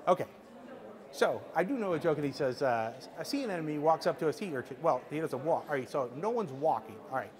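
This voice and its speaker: A middle-aged man telling a lively behind-the-scenes story to a workshop audience, acting out what people said, with frequent restarts. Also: a little high. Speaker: screenwriter speaking to a workshop audience. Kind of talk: animated storytelling anecdote.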